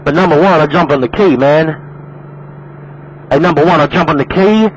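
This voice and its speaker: A man's voice: on the high side, moderate pace. An Australian man chatting over CB radio, repeating himself and calling the other operator man. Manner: repetitive, calls everyone man. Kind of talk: casual CB radio chat. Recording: noisy radio skip.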